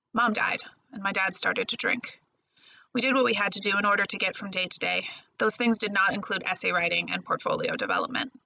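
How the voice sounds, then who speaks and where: A woman librarian reading a first-person novel chapter aloud in a steady storytelling voice. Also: medium pitch, gravelly, low-quality recording. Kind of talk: audiobook-style novel reading.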